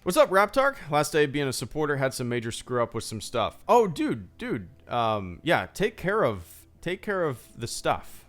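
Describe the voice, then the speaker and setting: A man's voice: mid-range voice, animated, moderate pace, hardly any pauses, a bit bright. A man hosting a casual livestream Q&A with supporters, chatty and rambling, full of restarts. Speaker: YouTube channel host.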